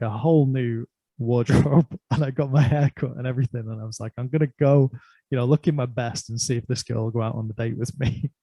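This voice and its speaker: A man's voice: medium pitch, gravelly, warm tone, dry recording. A middle-aged man telling a long, rambling personal story in casual chat, laughing often and filling gaps with "like" and "um".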